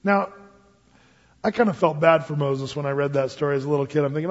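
A man teaching a Wednesday night Bible study as a pastor, telling stories with lively acted-out quotes. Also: on the high side, fast talker. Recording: dull lo-fi sound with long hall reverb.

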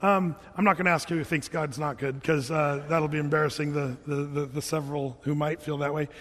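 Pastor guy giving a chatty sermon, high voice, long echo in a church hall. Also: steady tone, a little fast, a bit bright. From Oregon. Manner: conversational preaching with jokes and chanted scripture.

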